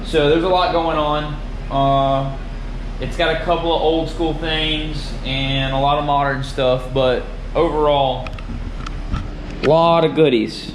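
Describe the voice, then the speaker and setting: Chatty young dude in his car, kinda high voice, nervous rambling, loud car noise. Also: fairly even intonation, slow, roomy sound. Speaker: car vlogger. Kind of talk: casual vlog, talking while driving. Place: inside a car.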